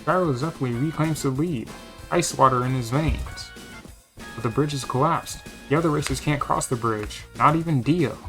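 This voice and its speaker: A man voicing an excitable male race commentator in a fan-dubbed game, calling the action play by play. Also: mid-range voice, normal speed, faint music behind, close to an everyday voice. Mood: excited.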